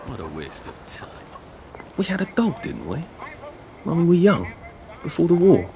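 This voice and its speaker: An actor voices a nervous, polite young Englishman in a video game, musing dryly and muttering asides to himself in an English accent. His voice is on the high side with wildly swooping pitch at a moderate pace, over noisy game audio.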